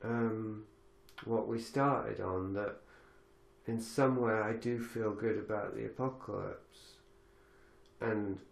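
A man's voice: on the low side, fairly even intonation, slow pace, vocal fry, reverberant. A man hosting a podcast conversation, reflective and thinking aloud with many fillers and restarts. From lives in Galicia. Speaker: podcast host.

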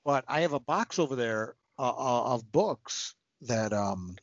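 A comics writer guesting on a podcast speaks in a mid-range, animated, slightly slow voice. His casual interview talk is earnest and heartfelt, with many restarts, and he gets choked up with emotion. The dry audio is slightly muffled.

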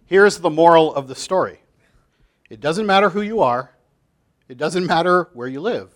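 A man leading a Bible study group in a chatty, animated way, full of filler "like"s, as he reads comics aloud. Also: on the high side, normal speed, long pauses. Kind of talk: casual group talk, reading comics aloud.

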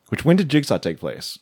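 A man's voice: medium pitch, darkish tone, husky. A man co-hosting a horror podcast, bantering and joking while relaying news items with plenty of fillers. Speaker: podcast co-host. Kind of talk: casual chat.

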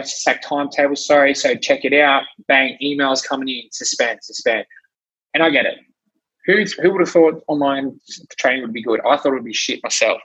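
A man with an Australian accent, a fitness trainer telling his story in a casual chat, animated and blunt, swearing freely. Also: medium pitch, husky, lo-fi sound. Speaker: fitness trainer and gym owner.

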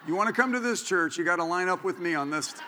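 A man's voice: high voice, fast, slight background noise. A man preaching a sermon as pastor, telling stories with joking asides. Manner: animated storytelling, joking asides. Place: church sanctuary. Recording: church hall reverb.

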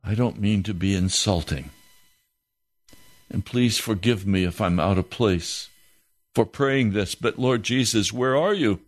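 A man praying aloud, pleading and heavy-hearted in a slow, impassioned spoken prayer. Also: lowish voice.

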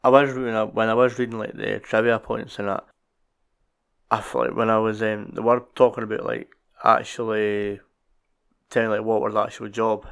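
Man, low voice, gravelly, smooth, short agreeing replies. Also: level tone, normal speed, fairly bright tone. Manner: brief agreeing interjections, laughs along. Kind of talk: casual film chat.

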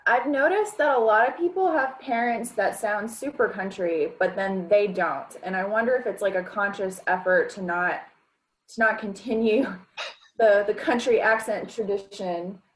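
A woman co-hosting a casual podcast, her pitch at an ordinary middle height. She grew up in the South but has no regional accent. She tells her stories in an easygoing, anecdotal way. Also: normal speed, rough recording. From Arkansas and Mississippi. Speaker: co-host.

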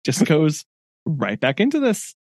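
A man's voice: a little high, huge pitch swings, a little slow, husky, dry recording, studio quality. A man co-hosting a podcast, discussing a book in a thoughtful, reflective way and reading passages aloud before commenting on them. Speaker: podcast co-host.

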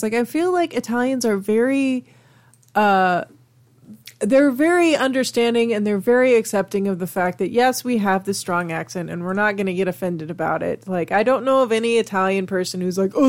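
A woman co-hosting a casual podcast, chatty and quick to laugh. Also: mid-range voice, animated, a little mellow. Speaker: podcast co-host. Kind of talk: casual chat.

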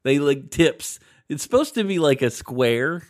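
A man's voice: a little high, very animated, unhurried. Rambling, laughing male podcast host. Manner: rambling storyteller, laughs often. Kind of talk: casual chat.

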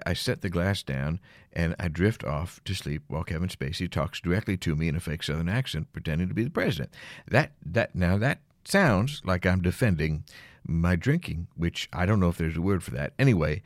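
Low gravelly guy rambling wry jokes into a dry close mic, voice swoops around a lot. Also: no echo. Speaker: podcast host. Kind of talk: late-night solo monologue. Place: home at night, alone.

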